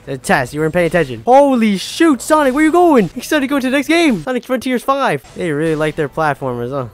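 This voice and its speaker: A man playing a hard video game, narrating with exasperated frustration, muttering and then shouting. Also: sits high, sing-song, brisk. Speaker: gaming YouTuber. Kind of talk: let's play commentary.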